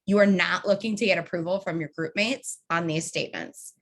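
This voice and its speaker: Speaking a little fast in a fairly low pitch, this young woman leads an online training over video call. Her manner is upbeat and chatty, and she addresses everyone as "y'all."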